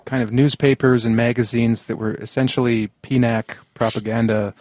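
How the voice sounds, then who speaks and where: Male host asking questions, bit halting, dry close mic sound. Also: mid-range voice, little pitch movement, darkish tone, no echo. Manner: halting, loosely phrased. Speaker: podcast host. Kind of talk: conversational interview questions.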